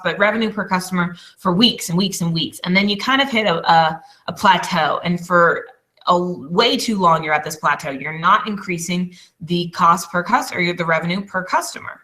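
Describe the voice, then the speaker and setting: Woman in her twenties, business coach, bright clear voice, chatty and laughing. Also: on the low side, normal speed. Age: 20s. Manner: chatty, laughs often, apologizes. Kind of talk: coaching webinar lesson.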